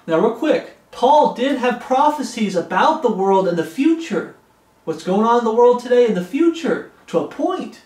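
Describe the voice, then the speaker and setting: A man preaching in a high, emphatic voice, repeating his warnings over and over and reading scripture aloud. His sermon rings out in a noticeably echoey room. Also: very animated, unhurried, darkish tone. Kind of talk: expository Bible sermon.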